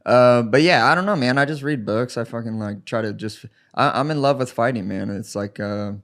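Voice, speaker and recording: A man's voice: medium pitch, a little fast, fairly bright tone. A man in his thirties, a guest on a studio podcast, talking in a modest, rambling way with lots of fillers. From United States. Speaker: guest fighter. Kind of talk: casual podcast chat.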